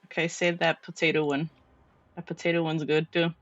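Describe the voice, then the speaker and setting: A man's voice: on the high side, flat delivery, brisk, a bit bright, no echo, lo-fi sound. A male streamer chatting casually and playfully with viewers on a close microphone. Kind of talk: casual live-stream chat.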